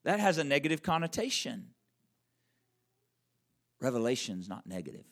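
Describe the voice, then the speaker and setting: A man preaching a conversational sermon, checking in with the audience with frequent questions and slowing right down to stress key words. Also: medium pitch, sing-song. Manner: wide swings in loudness and emphasis, drawn-out slow words. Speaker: pastor.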